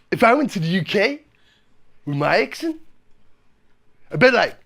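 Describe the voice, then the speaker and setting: A man's voice: high-pitched, a bit bright, full character voice. A man voicing a crude, swaggering American bus passenger who swears constantly.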